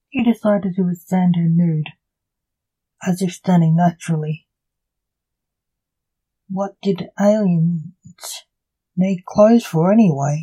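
A narrator reads a story aloud in short, halting phrases. The pace is very slow. The tone is very dark and mellow. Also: medium pitch, slightly rough, low-quality recording.

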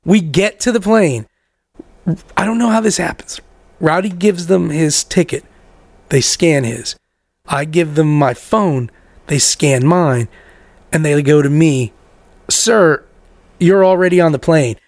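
A young man telling a story in casual podcast chat, animated and profane, laughing through it. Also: a little high, slow pace, pauses often, no echo.

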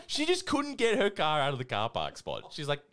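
A man's voice: fairly high pitch, huge pitch swings, brisk, crowd noise. A man co-hosting a podcast, telling a rambling story through bursts of laughter in casual chat.

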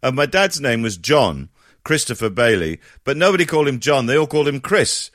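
A middle-aged man tells stories in a relaxed interview. He restarts phrases often and breaks into laughter. His pitch sits mid-range, and the sound is dry and close. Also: a little fast, dry recording. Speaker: interview guest. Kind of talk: casual conversational interview.

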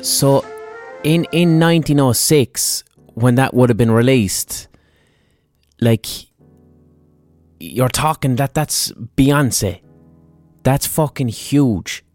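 A man's voice: medium pitch, slow pace, pauses often, darkish tone, dry recording, soft background music. A man hosting a history podcast, telling it in a chatty, digressive way with plenty of swearing. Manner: chatty, profane, digressive storytelling. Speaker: podcast host. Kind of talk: casual history podcast monologue.

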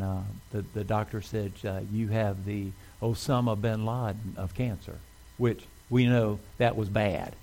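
A man's voice: lowish voice, warm tone, a little hiss or hum, poor audio. A man preaching a sermon in a church, talking conversationally and asking the congregation questions. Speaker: pastor.

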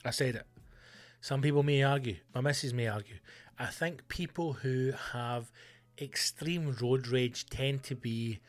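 A man with a Scottish accent hosting a comedy podcast, ranting loudly and swearing a lot. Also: medium pitch, unhurried, soft background music. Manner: loud, sweary, animated ranting.

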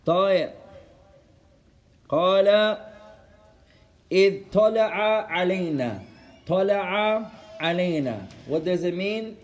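In a classroom full of students, a man teaches with a high voice and lively intonation, talking at normal speed and pausing often. He switches between Arabic and English, repeating words so the class can follow.

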